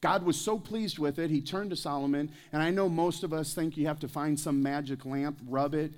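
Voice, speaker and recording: A man's voice: on the high side, fairly even intonation, normal speed. A man preaching a sermon at a church service, telling stories with jokes and putting questions to the congregation. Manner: joking, anecdotal storytelling. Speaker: pastor.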